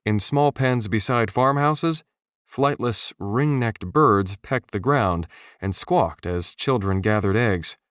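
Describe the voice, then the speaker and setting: Low-voiced man narrating an audiobook. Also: no echo. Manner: steady, measured reading. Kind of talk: scripted narration. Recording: dry, close studio voice.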